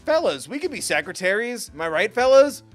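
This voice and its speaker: A man's voice: high voice, very animated, moderate pace, faint music behind. A young adult man streaming a video game, joking casually and reading dialogue aloud. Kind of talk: casual gameplay commentary.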